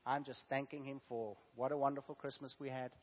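A man preaching a sermon, sick with a fever and sore throat, swinging between hushed asides and loud emphatic exclamations. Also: medium pitch, level tone, brisk. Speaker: pastor. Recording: echoey hall, dull lo-fi sound.

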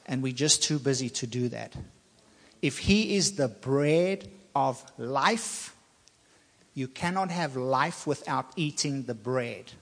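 A man preaching a sermon, speaking with slow emphasis and repeating phrases to drive points home. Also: medium pitch, expressive, a bit bright, big-room sound.

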